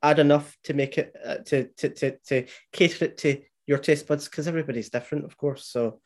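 A woman hosts a relaxed podcast chat and laughs along with her guest. Her voice sits very low for a woman and stays easygoing. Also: a little fast. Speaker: podcast host. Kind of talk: casual interview chat.

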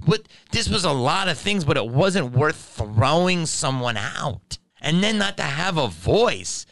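A man's voice: on the high side, measured pace, hardly any pauses, no room sound. Guy on his podcast ranting through a story, swears a lot, plays both sides, dry room sound. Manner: animated, profane, acts out both sides of a quarrel. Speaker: podcast host. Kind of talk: comedic storytelling.

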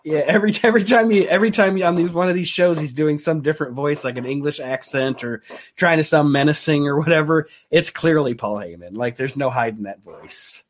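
A man's voice: fairly high pitch, fairly quick, slight background noise. A man hosting a casual chat show, who laughs often and announces news. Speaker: podcast host.

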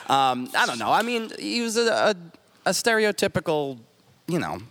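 A man's voice: high voice, very animated, moderate pace, a bit bright. A man hosting a podcast, telling a profane, laughing story about his father in casual chat. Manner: profane, laughing, restarts often. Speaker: podcast host.

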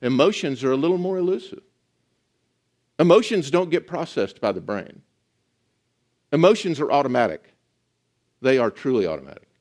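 A man preaching a sermon in an earnest, emphatic teaching manner. He slows down to stress words and drops to a soft voice at times. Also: mid-range voice, lively intonation. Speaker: pastor.

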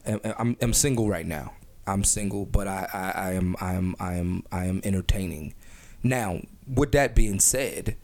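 A man hosting a comedy podcast, talking in a rambling, profane, animated way with lots of restarts. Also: mid-range voice. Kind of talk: casual comedic podcast chat.

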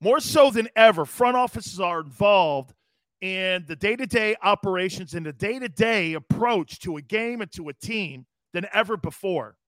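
A man's voice: high voice, animated, moderate pace, a bit bright, no echo. A man hosting a sports talk show, riffing casually, reading comments aloud and laughing often. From East Coast US. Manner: brash, jokey, reads chat comments aloud and laughs often.

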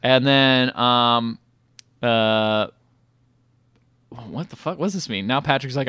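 A young man co-hosting a podcast, casually retelling a movie's plot in a rambling, joking way with quick quoted voices. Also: mid-range voice, pushed and bright, smooth, dry recording. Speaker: podcast co-host recapping a movie. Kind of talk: casual comedic chat.

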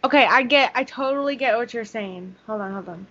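A woman rambling and hesitating in a casual chat as a guest. Her voice is on the high side, and the recording sounds dull and lo-fi. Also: a little fast, fairly bright tone. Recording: dull lo-fi audio.

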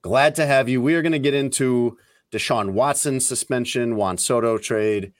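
A man's voice: mid-range voice, normal speed, dry recording, studio quality. A man hosting a sports podcast, talking in loose, joking, rambling chat. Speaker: podcast host. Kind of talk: casual chat.

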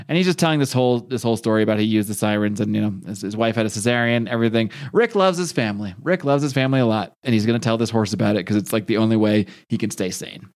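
A man's voice: medium pitch, clean tone. A man hosting a casual chat, recapping a comic book in a rambling way. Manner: rambling, chatty, many fillers. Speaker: host.

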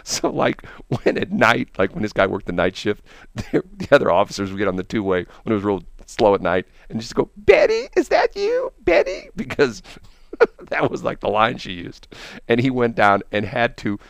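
A man's voice: fairly low pitch, a little fast, vocal fry, a bit bright, dry recording. A man telling casual stories as a host, rambling with frequent restarts and chuckles. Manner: rambling, laughs often, many restarts. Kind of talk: casual storytelling.

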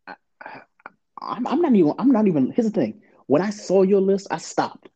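A man's voice: high-pitched, sing-song, moderate pace, dark tone, husky, highs cut off. A man co-hosting a casual podcast, hesitant, trailing off and laughing often. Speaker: podcast co-host.

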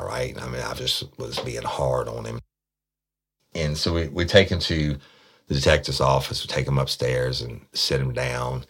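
A police detective telling a story in a casual, blunt, profane way, often repeating words. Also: male voice, rumbling low, creaky, a bit bright, slightly rough.

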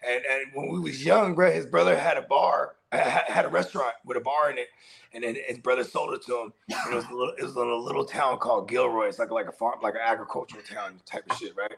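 A man's voice: medium pitch, fairly even intonation, fast talker, creaky, fairly bright tone. A man co-hosting a casual morning talk show, telling stories in slangy, profane speech. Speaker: co-host. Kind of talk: casual podcast banter.

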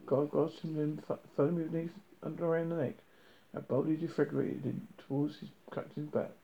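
A man reading a novel aloud, halting, with frequent slips and restarts. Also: a little high, flat delivery, vocal fry, warm tone. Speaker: reader. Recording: dull lo-fi recording.

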